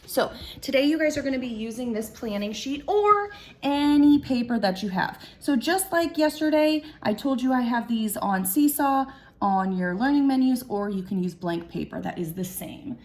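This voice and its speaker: A woman's voice: fairly high pitch, lively intonation, darkish tone. Patient woman teaching second graders. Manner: patient, slow, sounding out words and clapping syllables. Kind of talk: recorded class lesson.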